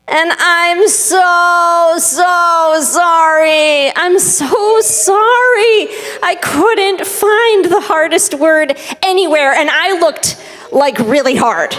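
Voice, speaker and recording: A tiny fretful bird, put on by a woman, chattering in a high, fussing voice. She frets and exclaims breathlessly. The sound carries a long sanctuary reverb. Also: fairly bright tone, exaggerated voice. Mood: apologetic. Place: synagogue sanctuary.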